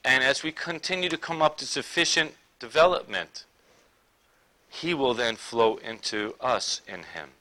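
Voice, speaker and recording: Male preacher, bright forceful tone, emphatic delivery that moves from loud to hushed. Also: medium pitch, unhurried. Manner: emphatic, swinging between loud declaring and quiet intimate asides. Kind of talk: sermon.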